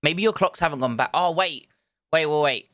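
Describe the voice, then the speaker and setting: A man's voice: a little high, normal speed, a bit bright, dry recording, clean studio sound. A man, chatting casually on a live stream, thinking aloud and greeting viewers from chat. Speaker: livestreamer.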